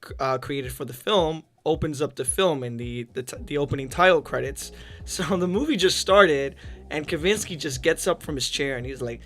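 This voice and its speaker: Male podcast co-host, casual animated storyteller, slightly raised pitch, faint music bed. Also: normal speed. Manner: animated anecdote-telling with laughs.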